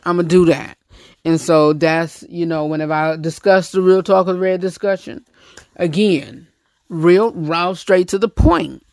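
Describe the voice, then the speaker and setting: A man's voice: fairly high pitch, a little slow, no room sound. Southern guy hosting, blunt and rambly, keeps restarting, dry close sound. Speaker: host. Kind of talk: casual unscripted talk.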